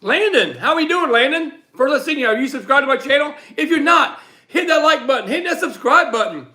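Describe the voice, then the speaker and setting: A man hosts a relaxed live stream and chats with viewers in a loud, animated way. His voice sits high for a man and has a bright, forceful edge. He keeps the talk easygoing and answers questions as they come in. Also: brisk. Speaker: livestream host and reseller.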